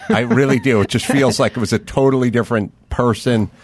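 A man's voice: medium pitch, steady tone, brisk, no echo. A man hosting a podcast interview, asking questions in a joking, conversational way. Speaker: podcast host. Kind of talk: casual interview chat.

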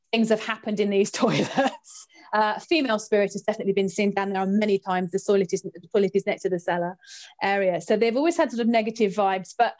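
A woman guest recounting a ghostly experience in a lively, expressive way, her voice jumping up in pitch at the dramatic moments. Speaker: guest storyteller. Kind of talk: animated anecdote telling.

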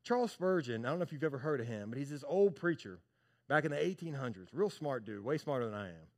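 A man preaching a sermon, talking conversationally to his congregation and swinging from hushed moments to loud bursts. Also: medium pitch, lively intonation, fast. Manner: conversational, addresses congregation as church and y'all. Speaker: pastor.

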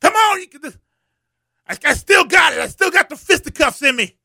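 A man putting on a boastful old male politician who shouts and brags about his toughness. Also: very high-pitched, expressive, moderate pace, creaky, dry recording, studio quality, voice pushed up, exaggerated voice. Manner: shouting, blustering, macho.

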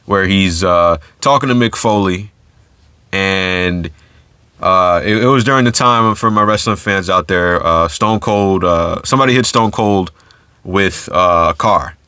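Solo podcast host, man, low bright tone, dead-dry room, loose chatty delivery. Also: a little slow, smooth, no echo. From United States. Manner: casual, conversational, many fillers and restarts.

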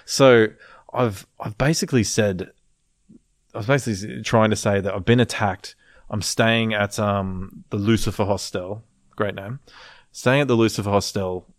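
A man telling a wild story in casual chat, animated, swearing freely and laughing as he goes. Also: fairly low pitch, moderate pace, dry recording, clean studio sound.

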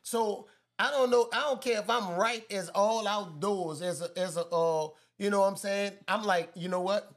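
A man's voice: high voice, moderate pace. A man giving marriage advice in a casual chat with his wife, laughing often, repeating himself and quoting scripture.

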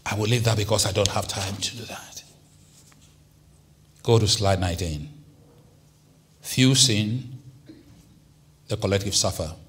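A man preaching a sermon as pastor, swinging from hushed asides to loud, emphatic lines. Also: on the low side, a little slow, long pauses, a little hiss or hum. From Nigeria.

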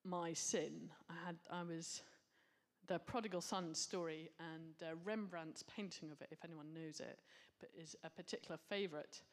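A woman's voice: deep voice, fairly even intonation, normal speed. A woman preaching a sermon, earnest and reflective, with casual asides.

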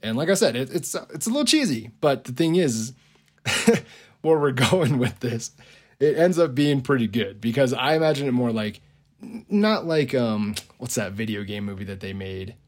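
A man's voice: mid-range voice, lively intonation, moderate pace. A man casually retelling a movie idea on a podcast, rambling with lots of "like" and frequent chuckles. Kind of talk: casual storytelling.

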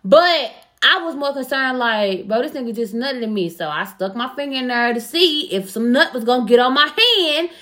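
A woman's voice: high-pitched, animated, moderate pace, few pauses, a bit bright. A young woman telling personal stories in casual chat, blunt and profane, often laughing. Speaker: podcast guest.

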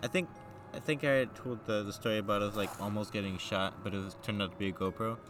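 A man's voice: lowish voice, steady tone, fast, background noise. A young man co-hosting a podcast, joking and laughing as he chimes in and tells a story, recorded outdoors at night. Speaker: podcast co-host. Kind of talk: casual storytelling chat. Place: outdoors at an abandoned aqueduct at night.

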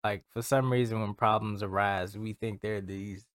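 A man's voice: on the low side, fairly even intonation, moderate pace, a bit bright, clean tone, no echo, studio quality. A man co-hosting a podcast in casual chat, reflective and giving short affirmations while he listens. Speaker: podcast co-host.

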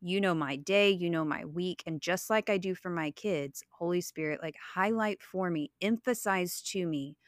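A woman's voice: lowish voice, normal speed, hardly any pauses, no room sound, studio quality. A woman in her thirties co-hosting a faith podcast, speaking earnestly and reflectively from personal experience. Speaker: podcast co-host.

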